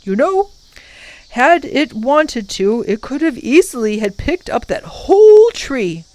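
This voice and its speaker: A steady older professor speaks in a measured, reassuring way, as a woman reading a storybook voices him. The delivery is unhurried. The room sounds dry. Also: extremely high pitch, no echo, pitched above the performer's own voice, heavily acted.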